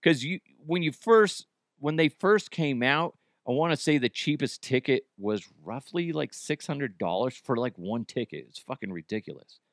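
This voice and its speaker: A man's voice: medium pitch, expressive, normal speed, no room sound, studio quality. A man hosting a podcast, rambling through a crude comedic monologue and laughing at his own jokes. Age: middle-aged. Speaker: podcast host.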